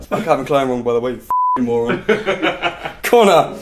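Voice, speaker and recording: A man's voice: mid-range voice, lively intonation, a little slow, loud music behind the voice. A young man reading mean tweets aloud in casual banter, breaking into giggles.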